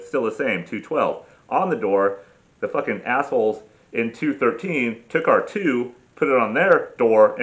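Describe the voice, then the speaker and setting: A man's voice: medium pitch, a bit bright. A middle-aged man from the United States telling a travel story in a casual vlog, profane and ranting, often cutting himself off. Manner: profane, ranting, self-interrupting. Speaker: travel vlogger.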